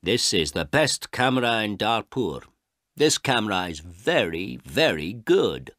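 A man's voice: on the low side, sing-song, a bit bright, no room sound, clean studio sound, pitched above the performer's own voice. A man doing a proud, pushy photographer. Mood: boastful. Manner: slow, self-important and impatient. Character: proud, bossy male photographer in a poor town. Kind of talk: audiobook character voice.

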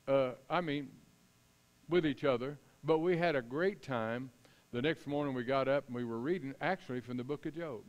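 A middle-aged man preaching a sermon as pastor, chatting with the congregation, then reading scripture loudly and with emphasis. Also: mid-range voice.

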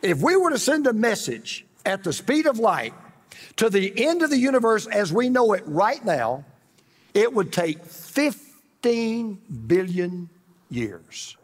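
Animated preacher in a reverberant hall. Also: male voice, high-pitched, husky. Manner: animated preaching with dramatic pauses and repetition. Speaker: pastor. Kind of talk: sermon.

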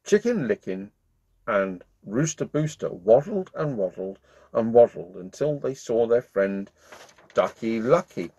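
A man's voice: medium pitch, very animated, unhurried, slightly rough. A man reading a bedtime story aloud to children in a playful, friendly way as the channel's storyteller. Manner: warm-hearted, playful, sings along.

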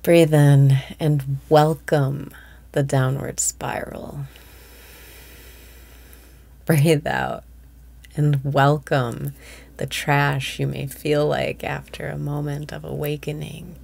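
Low slow woman doing a guided meditation, gravelly, half-whispered breath cues, blunt and swears a lot. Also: flat delivery, a little mellow. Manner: blunt, profane, self-deprecating candor.

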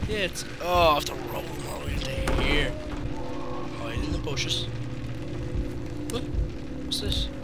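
A man giving casual gameplay commentary, excitable and foul-mouthed, cooing at the game's creatures and yelping at sudden scares. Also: on the high side, takes it slowly, long pauses. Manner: excitable, swears freely, baby-talks to game creatures, sudden yelps. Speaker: gaming channel host. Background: game music.

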